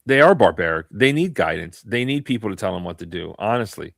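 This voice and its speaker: A man with a lowish voice hosts a live online talk stream, reading text aloud in a mock-serious, sarcastic way. His voice sounds dry and close, with no room around it. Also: animated, brisk, vocal fry, fairly bright tone, no echo. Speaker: host.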